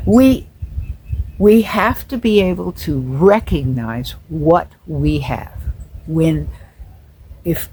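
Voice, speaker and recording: A woman's voice: sits low, vocal fry, a little mellow, slight background noise, poor audio. An older woman, a retired teacher, talks through her thoughts in an earnest, musing monologue and often stops to repeat a word. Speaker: retired special education teacher. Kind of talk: reflective monologue.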